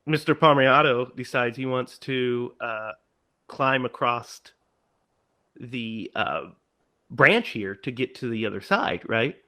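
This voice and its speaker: A man co-hosting a podcast, casually retelling a film's plot and animatedly acting out its lines. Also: mid-range voice. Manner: animated, acts out lines in quick put-on voices. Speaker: podcast co-host.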